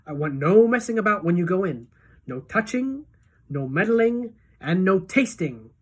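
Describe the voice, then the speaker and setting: A woman voicing an excitable, eccentric male candy maker in a storybook reading, with loud, eager, bossy exclamations. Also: lowish voice, a little slow. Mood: stern, eager.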